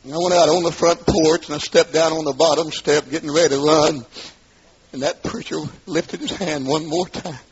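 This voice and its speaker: A middle-aged man telling his testimony as a sermon, in an emphatic storytelling style that rises into shouts, on a dull lo-fi recording. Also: a little high, steady tone, moderate pace, husky. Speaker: preacher giving testimony.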